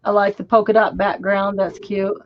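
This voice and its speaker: A woman's voice: mid-range voice, level tone, normal speed. A woman hosting a craft group, chatting casually and encouraging others as she shows their cards. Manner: chatty, encouraging, laughs easily. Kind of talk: casual chat during a craft video call. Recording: dull, lo-fi sound.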